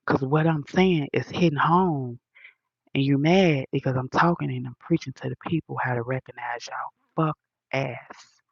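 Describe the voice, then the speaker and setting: A woman's voice: extremely low pitch, moderate pace, gravelly, husky, no room sound, lo-fi sound. A woman hosting a livestream, answering comments in a blunt, profane, preachy rant full of slang.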